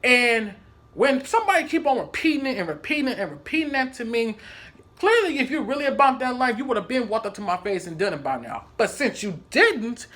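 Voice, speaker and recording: Casting: male vlogger with a lively, bright voice telling a story in a casual, profane way. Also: very high-pitched.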